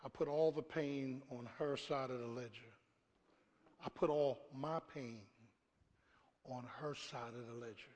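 A middle-aged pastor preaching a sermon, telling stories and calling out to his congregation, sometimes shouting. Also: mid-range voice, unhurried. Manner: storytelling preacher, shouting at climaxes, talks to the congregation. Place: church hall before a congregation. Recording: live church recording with long reverb.

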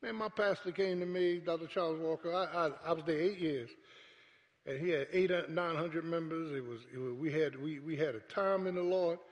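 A pastor preaching a sermon to his congregation, calling out to them and building up to shouts. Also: a little high, normal speed. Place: church sanctuary. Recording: echoey church hall.

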